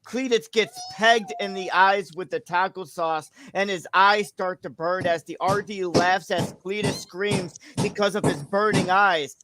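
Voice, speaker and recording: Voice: medium pitch, fairly even intonation, unhurried, few pauses, background noise. Host reading a wrestling storyline. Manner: coaching and correcting the reader. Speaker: show host. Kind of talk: livestream read-along and chat.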